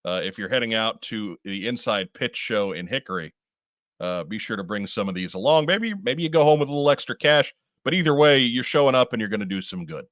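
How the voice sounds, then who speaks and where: A man's voice: lowish voice, animated, fairly quick, fairly bright tone, no echo, studio quality. A man co-hosting a podcast, reading news in a casual chatty way with many fillers. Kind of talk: casual chat.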